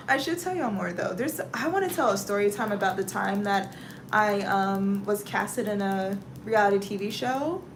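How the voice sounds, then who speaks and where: Her Southern US accent comes through as this woman hosts a casual livestream, reading comments from viewers and telling stories with lively, dramatic exclamations. She speaks at medium pitch and normal speed, with background noise behind her.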